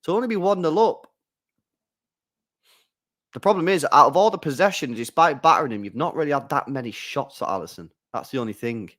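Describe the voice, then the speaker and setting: A man's voice: a little high, a little fast. Chatty man doing live match commentary. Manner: chatty, swings from mumbling to excited shouting; reads out viewer comments. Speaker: live stream host.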